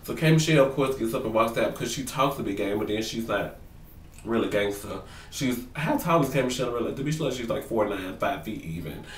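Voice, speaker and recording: A man casually reviewing a reality show for his vlog, talking in animated, profane slang and acting out what people said. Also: fairly low pitch, a little fast, far from the mic, a little hiss or hum. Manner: animated, profane, slangy, acts out quotes in voices. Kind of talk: casual gossip commentary to camera. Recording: roomy sound, away from the mic.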